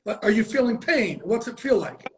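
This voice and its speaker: A middle-aged man hosting a casual interview. His voice is pitched well above most men's. He talks bluntly and emphatically, with plenty of swearing. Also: sing-song, moderate pace, a little hiss or hum, low-quality recording. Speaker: host.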